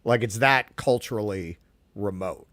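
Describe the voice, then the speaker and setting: A man from New York co-hosting a casual political chat stream, talking in an animated, indignant way with lots of swearing. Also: lowish voice, measured pace, dry recording. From New York, Queens. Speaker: co-host.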